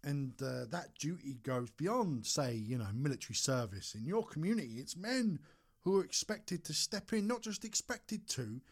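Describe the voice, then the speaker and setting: A man's voice: on the high side, expressive, moderate pace, husky. A man co-hosting a podcast, talking bluntly and emphatically in casual chat, swearing often. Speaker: podcast co-host.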